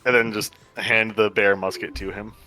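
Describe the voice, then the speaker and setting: A man playing in a tabletop game, talking casually with some hesitation. His voice is low but bright and forceful, with soft music in the background. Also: level tone, moderate pace. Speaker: player.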